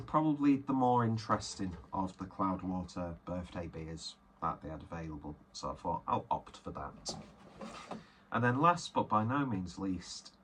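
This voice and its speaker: A man with a somewhat low voice talks through a beer haul in a loose, rambling way, full of fillers and self-deprecating asides. A faint hiss of noise sits under the recording. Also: a bit bright. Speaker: beer reviewer. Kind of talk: casual unboxing chat.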